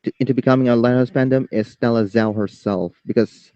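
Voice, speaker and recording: A man from the Philippines speaks as a guest on a casual podcast, nervous and prone to stammering. His voice is dark and mellow. It comes through a dull, lo-fi mic with a dry sound. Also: mid-range voice, fairly even intonation, a little fast, smooth, no room sound. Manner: nervous, stammering, laughs often.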